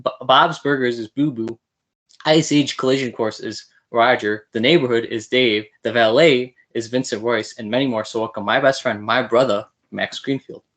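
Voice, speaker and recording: A man's voice: medium pitch, steady tone, moderate pace, a bit bright. A young man hosting a casual podcast interview, eager and playful, often laughing. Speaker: podcast host.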